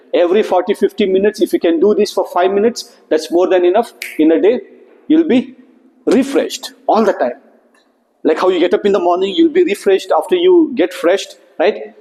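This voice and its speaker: Energetic man in an echoey hall. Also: a little high. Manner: energetic, checks in with a rising "okay?". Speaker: student workshop trainer. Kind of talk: motivational talk to students.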